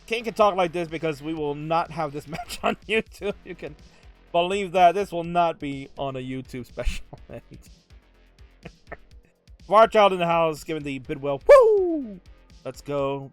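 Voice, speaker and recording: A man hosting and commentating a live game stream, jokey and hyped, jumping to shouts at big moments. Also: a little high. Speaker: host and commentator. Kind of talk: excited live play-by-play commentary.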